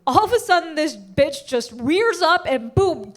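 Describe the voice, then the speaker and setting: A woman with a high, bright-pitched voice performs stand-up comedy on a stage into a handheld mic. She tells her stories with lively, animated energy and often laughs at her own punchlines. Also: moderate pace, a little hiss or hum.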